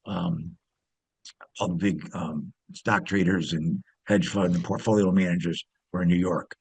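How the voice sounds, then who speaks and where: Guest: husky man, dry close sound, rambling storyteller with lots of fillers. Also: deep voice, steady tone, a little slow, a little mellow, no echo. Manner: rambling, many fillers and restarts. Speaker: interview guest, former pit trader. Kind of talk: casual storytelling.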